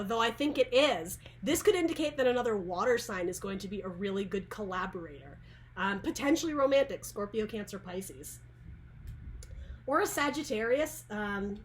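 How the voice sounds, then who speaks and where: A woman's voice: on the high side, slight background noise. A woman giving a casual tarot reading to camera, chatty and rambling, often restarting her sentences. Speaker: tarot reader.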